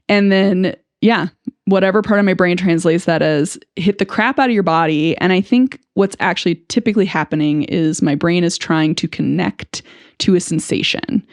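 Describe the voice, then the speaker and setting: A woman's voice: fairly low pitch, moderate pace, no room sound, clean studio sound. A woman hosting a podcast as a speech-language pathologist, speaking frankly and reflectively in a candid first-person monologue, with bursts of nervous laughter.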